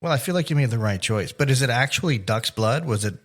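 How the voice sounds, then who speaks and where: A man's voice: medium pitch, animated, fast. A man hosting a casual podcast interview, asking curious conversational questions. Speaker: podcast host.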